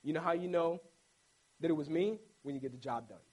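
Male pastor, sermon, high-pitched, animated, playful asides. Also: fairly quick, low-quality recording.

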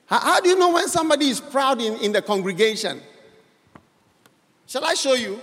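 A man's voice: very high voice, lively intonation, a little fast, fairly bright tone. Ghanaian man preaching in an echoing church. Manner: emphatic, questioning the congregation, bursts of laughter. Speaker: guest preacher. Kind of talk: sermon.

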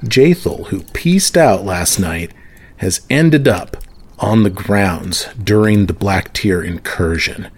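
A man's voice: low-pitched, expressive, takes it slowly, darkish tone, husky. A man narrating as game master of a tabletop game, easygoing, with many fillers.

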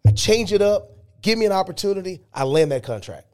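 A man telling his life story as a podcast guest, animated and emphatic. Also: high-pitched, fairly quick. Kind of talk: storytelling interview.

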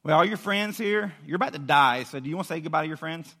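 A man preaching to a youth group, animated and pleading, acting out a story with a volunteer from the audience. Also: a little high, quick pace. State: out of breath. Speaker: youth pastor. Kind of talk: sermon with audience demonstration. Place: church hall with audience.

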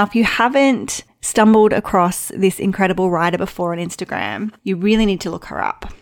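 Solo woman podcast host in her 30s, reflective and heartfelt, gravelly fry in the voice, dry close sound. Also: mid-range voice, no room sound. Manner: heartfelt, reflective, quick chatty delivery. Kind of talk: personal podcast monologue.

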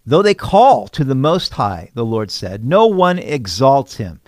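A man's voice: medium pitch, big pitch swings, unhurried, no echo. A man, a pastor, reading scripture aloud and then explaining each verse in plain words. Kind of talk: Bible teaching devotional.

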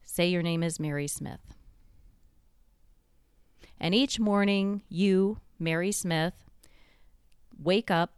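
A woman giving a reflective motivational talk, slowing down to stress key points and building them through repeated phrases. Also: on the low side, clean tone, no room sound. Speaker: motivational speaker.

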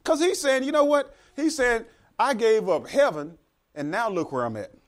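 A man's voice: very high voice, expressive, normal speed. A man preaching a sermon as pastor, talking to the congregation and acting out the voices of the characters in the story.

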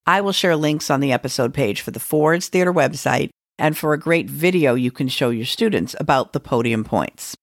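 A woman's voice: low-pitched, no room sound, clean studio sound. A woman teacher hosting an educational podcast, talking in a conversational way and musing aloud with the odd filler.

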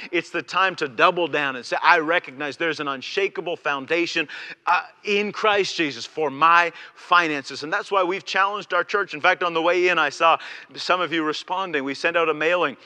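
A man's voice: on the high side, moderate pace, pushed and bright. A man preaching a sermon as pastor of his church, fervent, repeating phrases and restarting mid-sentence.

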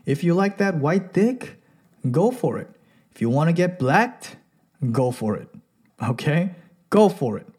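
A man's voice: fairly high pitch, very animated, measured pace, long pauses, a little mellow, slightly rough. A man delivering a casual opinion monologue as a commentator, emphatic and full of repeated "look" and "right?".

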